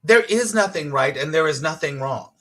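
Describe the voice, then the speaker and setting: A man hosting a casual spiritual talk, reading comments from his audience, emphatic and quick to laugh, sometimes swearing. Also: on the high side. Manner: animated and emphatic, laughs easily, acts out inner voices. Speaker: spiritual teacher hosting a live morning show.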